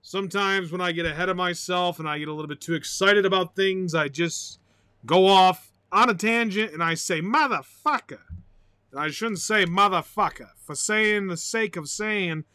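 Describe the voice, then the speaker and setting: Excitable, high-voiced man on a dry close mic. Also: moderate pace, clean tone, no echo. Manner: excitable, swears loudly, bursts into shouting and laughter. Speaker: podcast host. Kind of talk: rambling solo podcast monologue.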